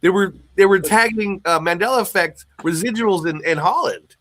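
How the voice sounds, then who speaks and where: A man's voice: high voice, moderate pace, fairly bright tone. A man hosting a podcast in casual chat, emphatically explaining his guest's talk to the audience.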